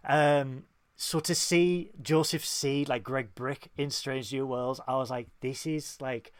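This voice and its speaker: A man co-hosting a casual review chat, excitable and fanboyish, laughing often. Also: medium pitch, takes it slowly, clear, resonant tone, dry recording. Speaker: podcast co-host reviewing a TV episode.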